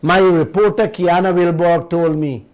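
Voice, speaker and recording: Slow, emphatic Guyanese radio host. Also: male voice, high voice, a little mellow, poor audio. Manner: folksy, emphatic, addresses listeners as uncle and auntie. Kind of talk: talk radio commentary.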